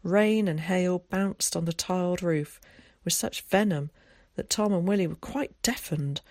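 With a mid-range voice, an audiobook narrator reads a novel in a measured, even storytelling style. It's scripted narration captured with clean studio sound and no room tone.

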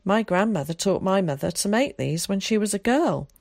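A woman reading aloud, voicing an eager, theatrical schoolboy who loves to show off, in a lively, dramatic way. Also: mid-range voice, normal speed, creaky, dry recording, clean studio sound.

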